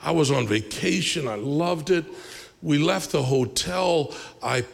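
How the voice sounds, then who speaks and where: A man preaching a sermon as pastor, in a conversational, animated way with asides and quick laughs. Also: on the high side, gravelly. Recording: reverberant hall.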